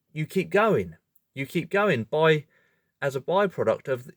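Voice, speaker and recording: Man, video host, casual monologue, lively up-and-down voice, slightly high, self-correcting, laughs often. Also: no room sound, clean studio sound.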